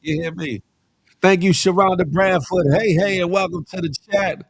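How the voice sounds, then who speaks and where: A middle-aged man hosts a live morning stream with a gravelly, raspy edge and a fairly high voice. He talks in an animated, slangy way, shouting out viewers by name. The sound is dry and close. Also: moderate pace, no room sound. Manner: animated, calls out chat names, slangy and preachy. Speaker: morning show host. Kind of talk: casual live-stream chat reading viewer comments.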